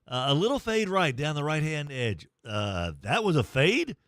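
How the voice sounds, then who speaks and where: A man hosting a morning sports radio show, chatting casually and breaking into excited play-by-play. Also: a little high, normal speed, no room sound, clean studio sound.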